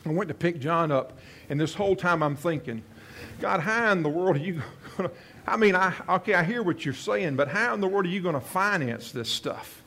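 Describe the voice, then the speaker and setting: Earnest pastor telling a story. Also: male voice, sits high, a little fast. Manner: earnest, repeats and restarts phrases, voices quoted prayers softly. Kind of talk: sermon storytelling.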